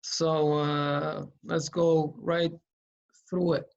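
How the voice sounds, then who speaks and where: A man teaching Quran reading at a slow, unhurried pace. He explains patiently and repeats each sound, with plenty of fillers along the way. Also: fairly high pitch, level tone, muffled recording.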